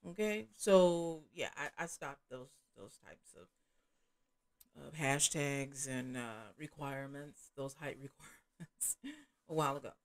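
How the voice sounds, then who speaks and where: A woman's voice: rumbling low, animated, slow. Frank middle-aged woman host, chatty and candid, casual delivery. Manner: frank, candid, chatty with many fillers and restarts. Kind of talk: casual adult chat.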